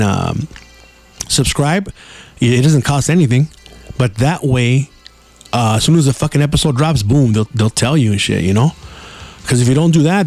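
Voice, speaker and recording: A man hosts a solo podcast, spinning loose stories in a relaxed, profane way. His talk is full of slang with Spanish words mixed in, and faint music sits under him. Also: medium pitch. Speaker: podcast host. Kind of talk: casual solo storytelling.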